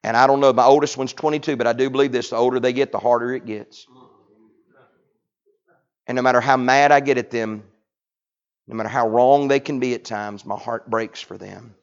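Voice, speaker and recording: A man, preaching a sermon that swings from loud to hushed. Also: medium pitch, fairly even intonation, a little fast, long pauses, clean tone. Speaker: pastor. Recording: dull lo-fi recording.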